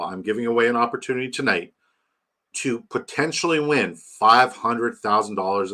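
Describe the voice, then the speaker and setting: A man's voice: fairly low pitch, bright, forceful tone. A man hosting a casual livestream, rambling about his draft, reading chat aloud and hyping a giveaway. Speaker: livestream host.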